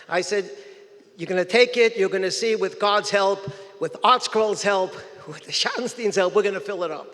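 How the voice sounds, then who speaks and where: A man giving a keynote speech, telling animated anecdotes and acting out quotes. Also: high-pitched, brisk. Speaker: keynote speaker. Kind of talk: storytelling speech. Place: event hall. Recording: long hall reverb.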